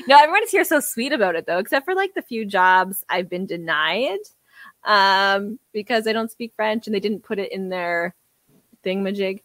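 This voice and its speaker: A woman's voice: mid-range voice, animated, moderate pace, fairly bright tone, no room sound. A young woman co-hosting a podcast, chatting casually in a giggly, self-mocking way. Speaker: podcast co-host. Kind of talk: casual chat.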